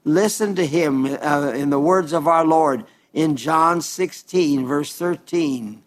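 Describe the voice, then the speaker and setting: Male preacher, sermon, earnest and plain-spoken, slightly raised pitch, slow deliberate scripture reading. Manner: earnest, plain-spoken, addresses listeners as dear friends; reads scripture aloud slowly and deliberately.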